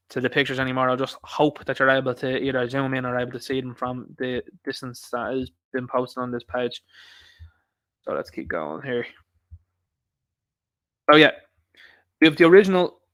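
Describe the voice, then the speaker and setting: A man's voice: medium pitch, fairly bright tone, clear, resonant tone, no room sound. An Irish man hosting an online commentary show, rambling and opinionated as he reacts to posts and talks straight to his viewers.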